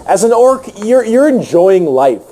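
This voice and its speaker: A man giving a casual, joking explainer that swears and races off on excited tangents. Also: high-pitched, measured pace. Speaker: explainer narrator.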